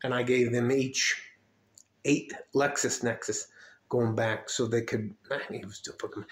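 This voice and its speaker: Older man, angry personal rant, swears a lot, gets upset, roomy echo. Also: medium pitch. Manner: heated, swearing, repeats himself. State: getting upset. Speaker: video blogger.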